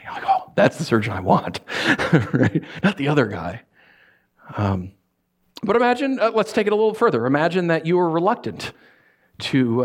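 A man preaching a sermon, telling stories and acting out the people in them. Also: medium pitch. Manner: animated storytelling, acts out shouting characters. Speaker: pastor.

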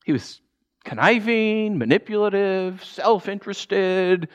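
A male pastor preaching a sermon in an animated, jokey way, acting out the people in his stories. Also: sits high, slow, clear, resonant tone, lo-fi sound.

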